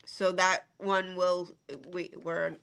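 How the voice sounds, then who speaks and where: A woman's voice: lowish voice, flat delivery, slow, gravelly, a bit bright, smooth. Practical woman co-hosting a live stream. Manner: practical, explaining details patiently. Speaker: co-host. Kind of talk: casual live-stream chat.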